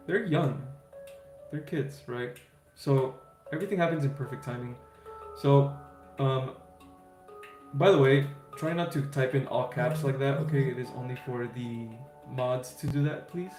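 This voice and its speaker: Speaking a little slowly in a mid-range, darkish voice, a man answers viewer questions on a relaxed spiritual livestream. His manner is reassuring, full of fillers and "right?" tags, and the audio carries roomy echo with faint background music.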